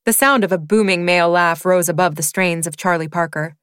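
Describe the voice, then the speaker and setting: A woman's voice: lowish voice, fairly quick, few pauses, a bit bright, smooth, no echo. A woman reading a romance novel aloud in first person, with a wry, dry delivery. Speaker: audiobook reader. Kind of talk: narrating a romance novel excerpt.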